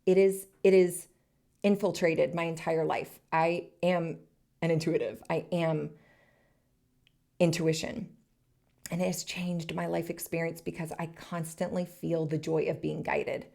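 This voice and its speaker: Earnest woman podcast host in her thirties, low voice, encouraging solo monologue. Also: little pitch movement, a little slow, vocal fry. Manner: earnest, encouraging, speaks in short soft phrases.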